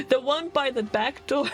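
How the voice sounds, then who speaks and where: A woman's voice: high voice, rough recording. A woman streaming a game in casual chat, laughing constantly and reading out her chat, with a noticeable accent of her own. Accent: non-standard accent.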